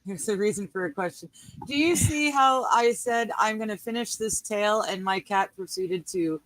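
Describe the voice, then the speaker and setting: A woman co-hosting a casual livestream from home, chatting while she crafts, relaxed and laughing often. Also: medium pitch, normal speed, poor audio. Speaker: livestream co-host.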